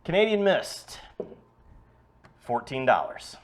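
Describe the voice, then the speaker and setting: Man, podcast host, casual chat, jokey, frequent restarts, mid pitch. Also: huge pitch swings, slow. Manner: loose, joking, restarts often.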